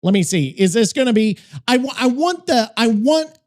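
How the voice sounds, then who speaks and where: A man hosting a podcast in casual chat, rambling, swearing and excitable. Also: extremely high pitch, moderate pace. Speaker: podcast host.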